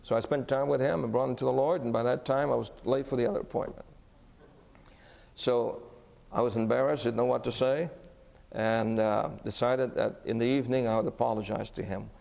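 A man's voice: mid-range voice, steady tone, a little fast, creaky, darkish tone. A man preaching as a pastor, telling a story earnestly and asking the congregation questions. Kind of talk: sermon storytelling. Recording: echoey hall.

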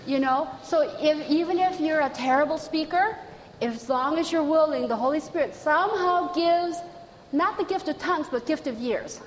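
A woman training church members, telling stories with lively earnest enthusiasm. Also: sits high, moderate pace, big-room sound, a little hiss or hum, poor audio. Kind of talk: storytelling talk to an audience.

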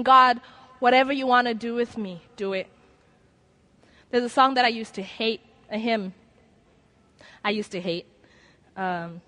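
A woman with a fairly high voice delivers a sermon in an earnest, conversational way. She slips into quoted inner voices as she presses her appeal to the listeners. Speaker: preacher. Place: lecture room before an audience.

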